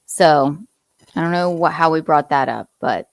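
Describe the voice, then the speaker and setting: A woman's voice: low-pitched, unhurried, gravelly, no echo. Blunt, profane woman podcast host, dry sound. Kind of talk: casual chat.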